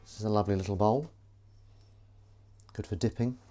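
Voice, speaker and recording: A livestream host with a lowish voice talks fairly quickly while washing up, joking casually and naming viewers as he greets them. The audio is very noisy, full of clinking dishes and cutlery.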